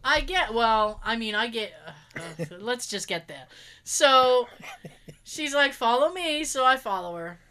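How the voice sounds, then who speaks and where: Young woman spinning a sassy story, bright voice bouncing all over. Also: on the high side, unhurried. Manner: sarcastic, animated, acts out quotes. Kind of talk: casual chat, telling an anecdote.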